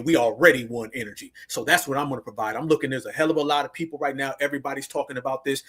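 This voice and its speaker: A man's voice: medium pitch, fairly bright tone, breathy edge. A man hosting a livestream, giving a fired-up, preachy rallying monologue full of repeated call-and-response phrases. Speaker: livestream host.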